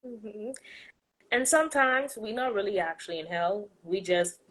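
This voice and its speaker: A woman's voice: mid-range voice, animated, moderate pace, a bit bright, poor audio. A woman hosting a podcast, chatting playfully about faith and laughing often. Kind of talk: casual faith chat.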